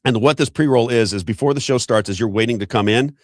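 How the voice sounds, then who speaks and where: A man hosting a show of political commentary, talking excitedly and rambling with restarts. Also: medium pitch, fast, no room sound, clean studio sound. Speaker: show host.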